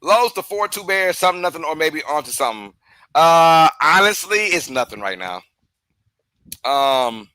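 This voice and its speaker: A man hosting a live baseball watch-along, giving casual play-by-play commentary that is chatty and excitable, with loud outbursts and laughter. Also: no room sound, rough recording. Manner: chatty, drifts into side talk between pitches. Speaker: host of a live game watch-along stream.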